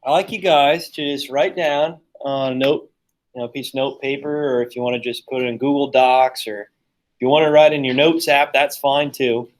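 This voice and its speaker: A man's voice: mid-range voice, fairly even intonation, moderate pace, poor audio. A man teaching a classroom lesson in a casual, joking, chatty way, telling stories and teasing his students.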